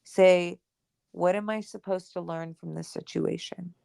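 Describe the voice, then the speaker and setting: Woman, young adult, gravelly low voice, dry close sound, animated casual storytelling. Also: unhurried, no echo. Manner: animated, acts out quoted dialogue, many "like" and "right?". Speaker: podcast co-host.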